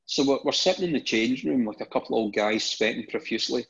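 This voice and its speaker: Husky Scottish man telling stories. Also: medium pitch, fast talker, fairly bright tone. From Scotland. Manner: repeats words at the start of phrases, laughs between stories. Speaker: guest. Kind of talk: casual anecdotal storytelling. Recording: dull lo-fi recording.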